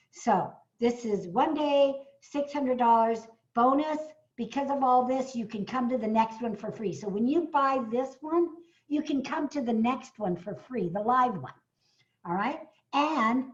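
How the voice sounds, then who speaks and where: A woman hosting a live webinar on a video call, pitching an event with excited bursts and fillers, her voice a little hoarse from coughing. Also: dull audio.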